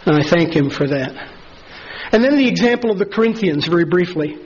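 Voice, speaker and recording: A man preaching a sermon as pastor, earnest and measured, slowing down to stress key phrases. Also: sits high, expressive, a little mellow, slightly rough, lo-fi sound.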